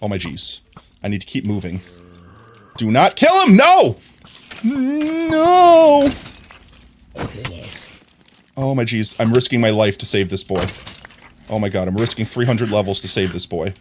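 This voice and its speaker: A man streaming a video game live, talking to himself in excited, frantic bursts as he plays. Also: on the low side, a little fast, slight background noise. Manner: excitable, frantic, talks to himself while playing. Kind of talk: live gameplay commentary.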